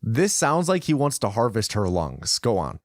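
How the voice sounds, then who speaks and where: A man co-hosting a podcast, reacting to a story with wry, deadpan comments in casual chat. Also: medium pitch, normal speed, no room sound, clean studio sound. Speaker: podcast co-host.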